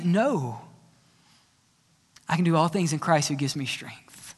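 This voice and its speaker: Lively high-voiced preacher in a reverberant hall. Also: male voice, takes it slowly, breathy edge. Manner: lively storytelling with sound effects and asides. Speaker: pastor. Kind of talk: sermon. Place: church sanctuary.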